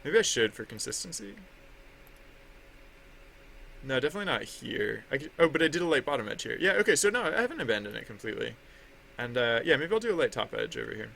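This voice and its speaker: A man's voice: mid-range voice, big pitch swings, quick pace, gravelly, pauses often, bright, forceful tone, slight background noise. A man chatting casually on a livestream while he draws, rambling with lots of fillers and restarts and laughing at himself. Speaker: artist streaming his drawing.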